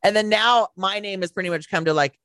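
A chatty man with a slightly high voice talks loosely and laughs a lot between stories. The sound is close and dry, with no room around it. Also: brisk, bright, forceful tone, no echo. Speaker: podcast co-host. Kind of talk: casual chat.

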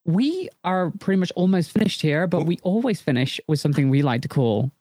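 Podcast host asking quick questions. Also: mid-range voice, big pitch swings, dark tone, no echo, studio quality. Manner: friendly, laughs, leads questions. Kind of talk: casual podcast hosting.

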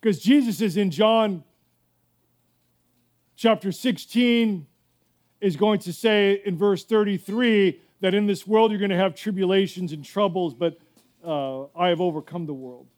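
A man's voice: sits high, measured pace, darkish tone. A male pastor preaching a sermon in a fervent, emphatic way, often repeating himself.

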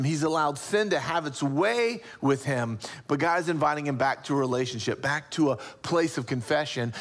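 A man preaching a sermon as pastor, impassioned, dropping soft for emphasis. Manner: impassioned, rising pitch on acted quotes, drops to soft near-whisper.

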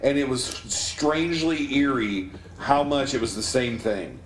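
A man's voice: medium pitch, unhurried. Chatty man in an echoey room. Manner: chatty, opinionated, profane. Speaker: podcast co-host. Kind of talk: casual chat, movie reviews. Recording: echoey room, faint background noise.

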